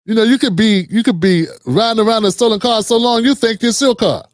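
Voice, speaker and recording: Mocking high-voiced male commentator. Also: a little fast, no echo, studio quality. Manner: mocking, slangy, puts on voices to mimic. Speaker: political commentary host. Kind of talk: casual reaction commentary.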